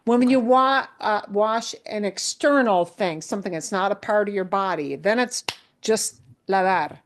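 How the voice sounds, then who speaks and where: A woman teaching a Spanish lesson, explaining patiently and often checking in with her students, mixing English with Spanish examples. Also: medium pitch. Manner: slow, patient explaining with many checks like "right?". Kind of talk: live language lesson.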